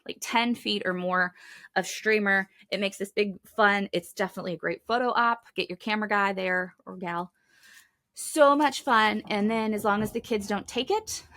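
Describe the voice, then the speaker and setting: Chatty, animated woman podcast host. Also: mid-range voice. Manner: chatty, enthusiastic, animated, many asides and fillers. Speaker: children's ministry podcast host. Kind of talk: casual product recommendations. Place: home, in Kentucky.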